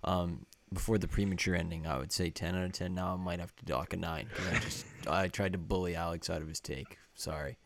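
A man's voice: sits low, flat delivery, fairly quick, hardly any pauses. A young man co-hosting a podcast, teasing his friends in upbeat casual chat. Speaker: podcast co-host.

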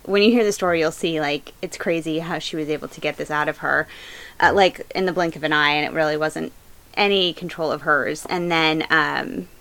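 A woman's voice: deep voice, fairly even intonation, brisk, a bit bright, rough recording. A woman hosting a true-crime podcast, telling the story in a casual, chatty way with lots of fillers. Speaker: podcast host.

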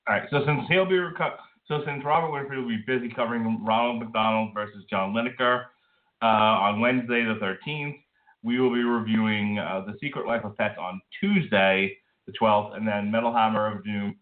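A podcast co-host with a fairly low voice at normal speed jokes, teases and rambles in between announcements on a casual show. The sound is tinny and phone-like, in an echoey room.

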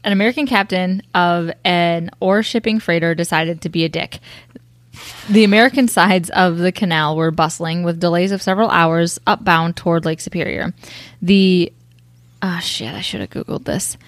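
A young woman with a lowish voice co-hosts a chatty podcast. She tells a history story with jokes and laughter along the way. The recording is dry and close. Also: steady tone, normal speed, dry recording. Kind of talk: casual chat.

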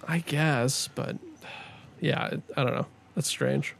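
A man's voice: medium pitch, steady tone, slow pace, gravelly. A man co-hosting a casual gaming podcast, rambling and hesitant with a jokey streak. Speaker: podcast co-host. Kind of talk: casual chat.

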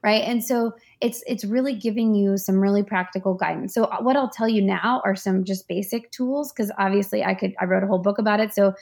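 A woman with some vocal fry, explaining ideas in a relaxed interview. She leans on fillers and asides as she gives practical, down-to-earth guidance. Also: medium pitch, brisk, few pauses. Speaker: author and life coach, guest. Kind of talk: conversational interview.

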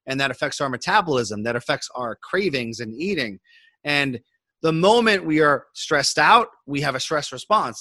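A man's voice: medium pitch, bright, forceful tone, no room sound. A man in a podcast interview, explaining health coaching in an emphatic way and acting out his own inner thoughts.

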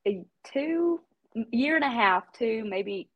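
A woman's voice: fairly high pitch, expressive, takes it slowly, dry recording. A woman, a guest on a casual interview podcast, answering in a hesitant, searching way. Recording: dull lo-fi sound.

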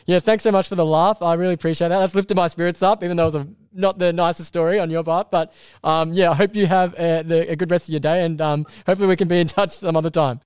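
Australian man, young, podcast host, chatty, smooth, dry sound. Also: a little high, fairly even intonation, quick pace, darkish tone, no room sound. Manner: laughs often, chatty and upbeat. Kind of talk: casual chat.

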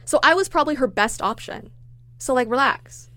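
Animated young woman telling a story. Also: high voice, normal speed, no echo. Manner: animated, acts out quoted customers. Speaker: podcast co-host. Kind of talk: casual storytelling chat.

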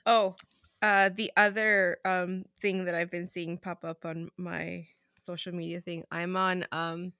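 A woman's voice: on the low side, level tone, measured pace, sharp tone, dry recording, clean studio sound. A woman co-hosting a podcast in casual chat, telling stories animatedly with frequent "like" and easy laughs. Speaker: podcast co-host.

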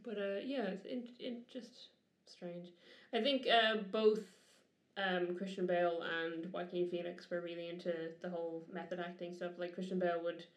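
A woman's voice: on the low side, steady tone, normal speed. A woman from Dublin with an Irish accent, co-hosting a podcast in chatty, giggly conversation. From Ireland, Dublin. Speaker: podcast co-host. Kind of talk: casual chat. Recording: roomy echoey room.

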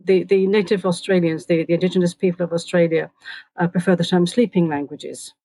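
A woman's voice: on the low side, steady tone, brisk, mellow, dry recording. A woman researcher talking casually as an interview guest, with many hesitations.

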